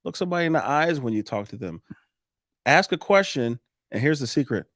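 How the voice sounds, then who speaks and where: A man talking casually on a podcast, coaching listeners on sales and connecting with customers in an animated way that swings between loud and quiet. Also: medium pitch, fairly quick, no room sound, studio quality. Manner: animated, coaching, laughs often.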